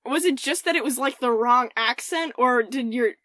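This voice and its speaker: A woman's voice: sits high, normal speed, sharp tone, no echo, clean studio sound. A woman from the American South co-hosting a podcast, joking and swearing casually. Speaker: podcast co-host. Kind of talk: casual chat.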